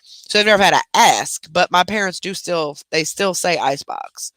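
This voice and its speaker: Lively, bright-voiced woman telling a story. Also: on the low side, moderate pace, no echo. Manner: animated, expressive, with casual swearing. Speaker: host telling a family story. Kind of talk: casual storytelling chat.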